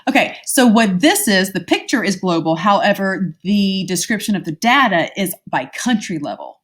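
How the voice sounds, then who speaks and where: A woman's voice: mid-range voice, big pitch swings, normal speed. A young woman, teaching an online exam review lesson from her home in a chatty way, talking straight to her students.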